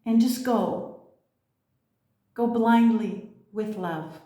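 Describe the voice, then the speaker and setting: A woman's voice: a little high, extremely slow, dark tone. Blunt, swearing woman in an echoey room. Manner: blunt and profane, emphatic. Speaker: spiritual coach. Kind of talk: casual motivational monologue.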